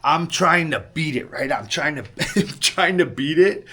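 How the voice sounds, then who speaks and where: A man's voice: fairly high pitch, measured pace, pushed and bright. A man telling a story in a casual, rambling way, swearing often and checking in with the listener, sheepish and rueful. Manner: rambling, swears often, keeps asking "right?".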